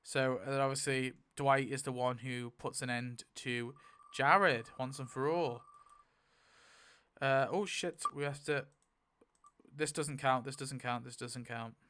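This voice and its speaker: A man in casual, rambling commentary while spinning a wheel to rewrite a story, getting excited at results and briefly quoting characters. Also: mid-range voice, a little slow, a little hiss or hum. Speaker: YouTuber.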